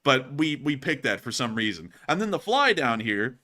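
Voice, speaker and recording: Joking male live-stream host, bright voice. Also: medium pitch, very animated, moderate pace. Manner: jokey, loud bursts of shouting and laughter. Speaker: show host. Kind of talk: casual live-stream chat.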